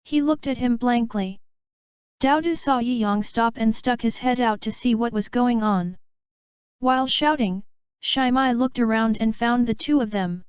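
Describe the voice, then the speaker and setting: A woman narrating a fanfiction audiobook in a steady, even reading, in a dull, dry recording. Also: a little high, measured pace, clear, resonant tone, no room sound.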